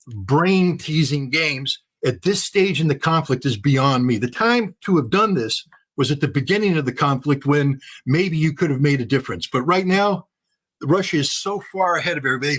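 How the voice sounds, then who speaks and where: Fast, emphatic older man commentator. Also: on the high side. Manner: emphatic, rapid, repetitive phrasing. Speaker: guest commentator.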